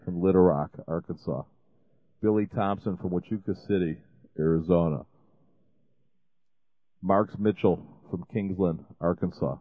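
A man's voice: low voice, measured pace, pauses often, no echo. A man hosting a ministry show, making a rambling fundraising appeal full of restarts and fillers. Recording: dry, phone-like lo-fi sound.

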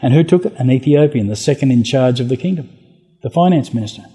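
A man preaching a sermon, telling Bible stories with lively acted-out voices and rhetorical questions. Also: medium pitch, quick pace, slightly rough. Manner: animated storytelling, acting out biblical voices.

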